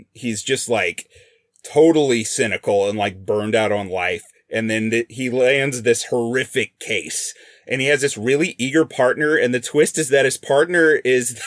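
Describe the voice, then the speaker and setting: A man's voice: mid-range voice, fairly bright tone, dry recording, clean studio sound. A man co-hosting a film podcast, chatting casually and enthusiastically, laughing often as he tells long stories. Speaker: podcast co-host.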